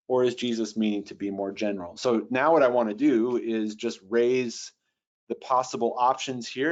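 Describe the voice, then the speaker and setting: A man teaching a webinar lesson on Bible translation. He explains carefully and reads Greek slowly. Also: lowish voice, darkish tone, highs cut off. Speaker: Bible software trainer.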